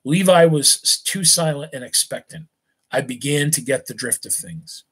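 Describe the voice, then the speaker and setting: A man, a teacher, reading a novel aloud in a steady, unhurried way with small slips. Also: mid-range voice, husky.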